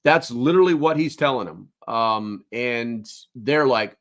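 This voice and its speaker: A man's voice: mid-range voice, unhurried, few pauses, fairly bright tone. A man hosting a prepper news show, giving blunt, wry, rambling commentary with the odd curse word. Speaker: host of a prepper news channel.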